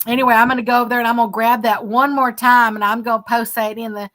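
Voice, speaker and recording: A woman, a bit hoarse, hosting a casual livestream and chatting along with many fillers as she thanks viewers. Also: a little high, level tone, fast, a bit bright. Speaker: livestream host.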